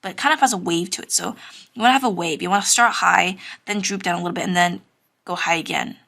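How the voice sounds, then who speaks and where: A woman's voice: fairly low pitch, fast talker, creaky, sharp tone. A young woman teaching anime drawing in a casual, chatty way, with lots of fillers and some self-conscious giggling. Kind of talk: casual drawing tutorial narration.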